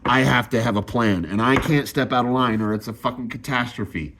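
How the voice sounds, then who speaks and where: Against a noisy background, a young man vlogs a raw confession in a brisk, medium-pitched voice. He swears, sighs often, and his voice rises and falls with his distress.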